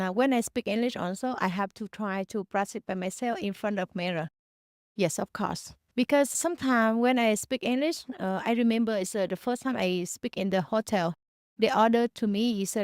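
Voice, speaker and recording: A woman from Vietnam with a Vietnamese accent, a business founder answering interview questions haltingly. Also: mid-range voice, darkish tone, no room sound, clean studio sound. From Quang Nam, Vietnam. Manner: halting, many fillers and restarts.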